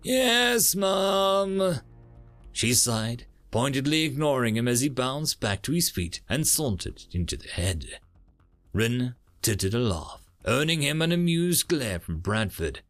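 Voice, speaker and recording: A man narrating a story in a lively storytelling manner. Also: mid-range voice, measured pace, soft background music. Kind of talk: audiobook narration.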